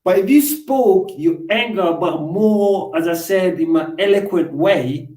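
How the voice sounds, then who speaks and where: A man with a high, bright-toned voice hosts a casual live talk, explaining at length and slipping into little acted-out exchanges. His voice rings with a roomy echo. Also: a little slow. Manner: lecturing, acts out quoted exchanges. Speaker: host.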